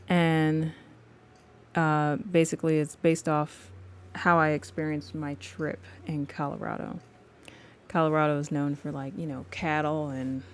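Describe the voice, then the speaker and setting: Low-voiced, unhurried woman streamer. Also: a little hiss or hum. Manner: chatty, laughs often, speaks to viewers as y'all. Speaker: livestreaming artist. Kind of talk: casual chat while drawing live.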